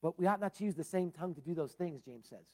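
A man's voice: on the high side, animated, quick pace, a little mellow. Middle-aged male pastor, easygoing teaching sermon, plain-spoken with chatty asides. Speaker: preacher. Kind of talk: conversational Bible-teaching sermon.

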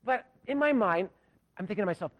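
A pastor from Southern California telling a self-deprecating story in a sermon, animated and full of restarts. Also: male voice, high-pitched, fairly quick. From Southern California, USA.

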